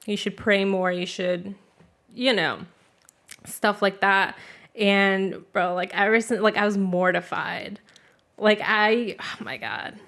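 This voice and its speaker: Young woman, casual storyteller, lots of "like", swears freely, even middle-pitched voice. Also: slow. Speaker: guest telling a story. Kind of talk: casual chat.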